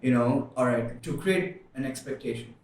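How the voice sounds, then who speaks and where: A man's voice: medium pitch, normal speed, darkish tone. A man asks curious questions in casual podcast chat, laughing often. His voice sits mid-range and rings in an echoey room. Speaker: podcast co-host asking questions.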